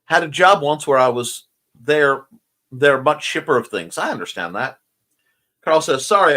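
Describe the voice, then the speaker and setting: A man's voice: mid-range voice, a bit bright. A man hosting a casual morning livestream, drowsy and yawning, rambling and joking as he greets viewers and reads their comments. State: sleepy, yawning. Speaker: host of a morning livestream show. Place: home room by a window.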